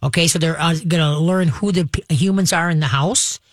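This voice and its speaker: A woman with a deep voice hosts a call-in radio show, walking listeners through dog training step by step. She's brisk and instructive, often checking in with "okay?", and there's no room sound.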